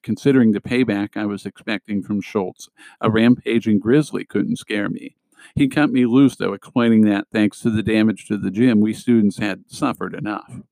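An audiobook reader narrates a novel in a fairly low, steady, creaky voice, reading the scripted text and giving the characters small shifts in tone. The recording is dry and close, with almost no room sound and no echo, though rough overall.

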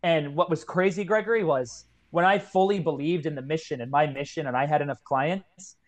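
A young man in his twenties talks quickly and earnestly as a podcast guest. His voice sits a bit high, and he keeps a heartfelt, open tone, with plenty of "like" fillers. He speaks as a kettlebell coach in a casual conversation. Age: 20s.

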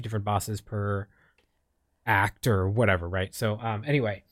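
A man's voice: on the low side, little pitch movement, normal speed, dry recording. Young adult male from the Philippines, casual streamer chat, rambling and filler-heavy, dead-dry mic. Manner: rambling, many fillers and restarts. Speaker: streamer and podcast co-host.

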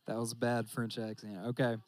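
A man's voice: mid-range voice, no room sound. A young man preaching a casual sermon, joking and talking straight to his listeners. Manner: joking, talks straight to the audience with "y'all".

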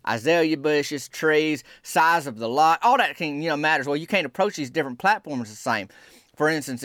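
A man rambles through a comic podcast monologue in a folksy, excitable way. His voice sits a touch higher than most men's. The sound is close and dry, with no room echo. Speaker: podcast host.

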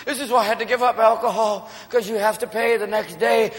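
A man's voice: high voice, fairly even intonation, gravelly. Manic male stand-up comic, live hall. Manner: manic, shouting, quick voice switches. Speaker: stand-up comedian. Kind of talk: stand-up routine. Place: comedy stage before a live audience. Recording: live hall recording with crowd noise.

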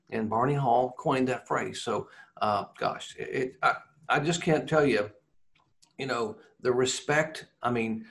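A former racing broadcaster with a mid-range voice tells rambling, animated anecdotes during a casual interview.

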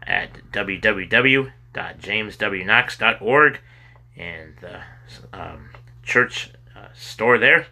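Forceful low-voiced man reading a story. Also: takes it slowly, creaky. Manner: expressive reading with sudden loud cries for characters. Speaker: storybook reader. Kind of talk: children's story read aloud.

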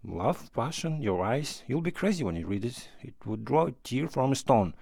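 Man doing a smug braggy young teacher, gravelly. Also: mid-range voice, sing-song, moderate pace, darkish tone, no echo, studio quality. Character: boastful awkward young male writing master.

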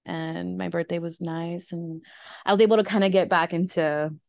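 A woman's voice: fairly low pitch, steady tone, moderate pace, vocal fry, darkish tone, no room sound, studio quality. A young woman hosting a casual podcast conversation, rambling with fillers and nervous laughs. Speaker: podcast host. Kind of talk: casual conversation about grief.

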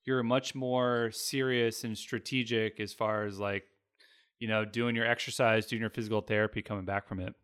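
A man's voice: fairly low pitch, flat delivery, moderate pace, fairly bright tone, smooth. A man who works as a physical therapist, chatting casually with friends and cutting in to push back. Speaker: physical therapist, podcast co-host. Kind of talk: casual chat.

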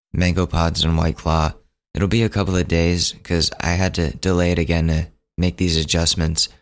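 Very deep-voiced man losing his voice. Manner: rambling, self-interrupting, casual. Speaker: podcast host. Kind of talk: solo podcast monologue.

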